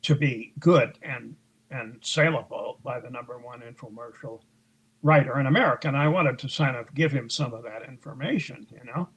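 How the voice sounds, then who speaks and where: A man's voice: mid-range voice, moderate pace, fairly bright tone, husky, lo-fi sound. A man being interviewed as an author, telling a long story in a conversational way and acting out what others said. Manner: recounts events at length, acting out others' lines in raised voices; frequent fillers and restarts, conversational.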